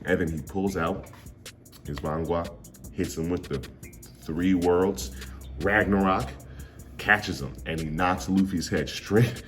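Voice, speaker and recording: A man's voice: low-pitched, steady tone, slow, pauses often, soft background music. A young man recapping a comic chapter in a casual, slangy, jokey way with frequent laughs. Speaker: manga reviewer.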